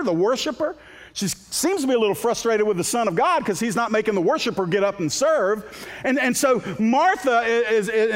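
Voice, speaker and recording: A man preaching a sermon as a guest preacher in a church sanctuary, impassioned and emphatic, often restarting his words. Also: high-pitched. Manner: impassioned, building to emphatic peaks, with repeated restarts. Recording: long hall reverb in a sanctuary.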